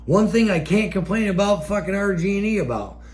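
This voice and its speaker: A man hosting a show, delivering a profane, angry rant that keeps flaring into shouts. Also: high voice, lively intonation, fairly quick. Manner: angry, swears constantly, flares into shouts. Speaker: show host. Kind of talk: profane ranting monologue.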